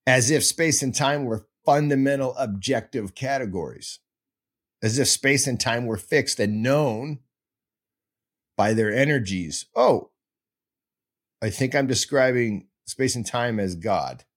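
A man with a medium-pitched, unhurried voice hosts a podcast, teaching in a casual, digressive, self-mocking way. Now and then he breaks into goofy sound effects.

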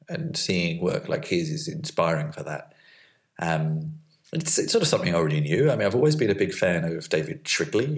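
Deep-voiced guy rambling thoughtfully, lots of ums and restarts. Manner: hesitant, thinks aloud with restarts and fillers. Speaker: vlogger. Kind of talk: casual reflective monologue.

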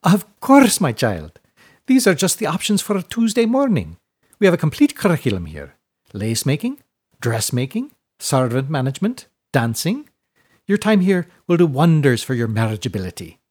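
A man's voice: mid-range voice, very animated, moderate pace, a little mellow. A man voicing a plump, cheerful older widow who runs a school, gushing and rolling her R's. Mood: bossy cheerful.

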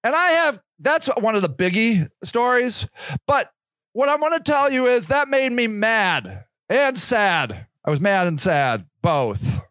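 A podcast host with a high male voice, recorded dry with no room sound. He tells his story in a loose, rambling monologue, cursing often and tripping over repeated words as he goes. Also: very animated, measured pace, a bit bright, no echo.

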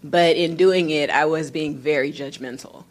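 Low-voiced hesitant woman asking a question. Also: steady tone, normal speed. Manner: hesitant, many "um"s and restarts, reflective. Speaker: audience member asking a question.

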